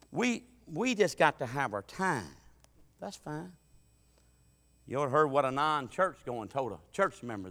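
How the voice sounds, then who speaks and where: Folksy preacher in an echoing church. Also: male voice, on the high side. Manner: folksy, dialect-heavy, swings from loud preaching to quiet asides. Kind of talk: sermon with humorous storytelling. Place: church sanctuary. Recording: reverberant church sanctuary.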